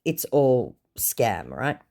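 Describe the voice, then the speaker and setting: A woman's voice: extremely low pitch, very animated, drawn-out words, warm tone. A woman telling a story about a scam chat in a casual, sarcastic and mocking way. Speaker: scam-baiting content creator.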